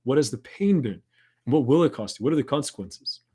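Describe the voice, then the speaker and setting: A man's voice: medium pitch, animated, fairly quick, mellow, slightly rough. A man hosting a podcast, talking listeners through a self-help monologue in an earnest, encouraging coaching tone. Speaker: podcast host.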